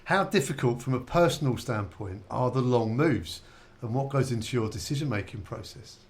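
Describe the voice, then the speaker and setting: A man's voice: medium pitch, moderate pace. A man hosting a radio show, casually reading out listener questions and bantering with his guest. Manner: easygoing, reads out listener questions. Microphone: studio microphone.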